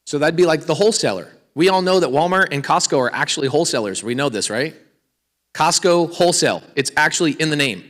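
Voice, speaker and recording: A man's voice: on the high side, lively intonation, fast, a bit bright, big-room sound. A man giving a live real estate seminar, energetically quizzing the audience with questions and asking for raised hands. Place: large hall with an audience.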